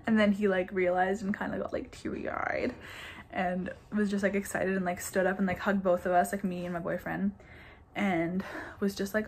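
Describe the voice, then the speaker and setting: A woman in her twenties casually telling a personal story to her camera, peppering it with "like" and quick laughs. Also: mid-range voice, a little hiss or hum. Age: 20s. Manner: chatty, says "like" constantly, laughs between bits. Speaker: vlogger.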